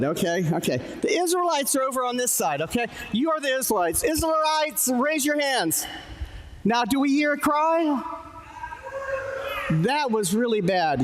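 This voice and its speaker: A man's voice: sits high, noisy background. A man preaching a sermon in a church, talking in a loose conversational way and joking with the congregation. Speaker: pastor. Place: church sanctuary. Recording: echoey hall, live church stream. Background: church hall reverb.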